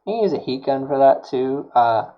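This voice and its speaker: A man's voice: mid-range voice, animated, normal speed, highs cut off. A man streaming while he builds a prop, talking casually and muttering to himself, with mild self-scolding as things go wrong.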